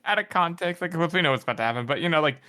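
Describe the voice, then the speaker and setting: A man's voice: a little high, racing, sharp tone, no echo, clean studio sound. A man co-hosting a podcast, chatting casually and laughing as he playfully acts out the characters' cheers. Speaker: podcast co-host.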